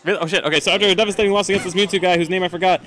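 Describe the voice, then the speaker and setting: A man's voice: high voice, steady tone, very fast, fairly bright tone. A young man chatting casually, rambling through a story and laughing often. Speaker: podcast guest. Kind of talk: casual chat.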